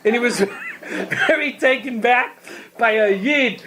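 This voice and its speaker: A woman telling a story to children in a lively way, acting out the people in it. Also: a little high, slow, crowd noise, poor audio. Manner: lively, acts out the characters in the tale.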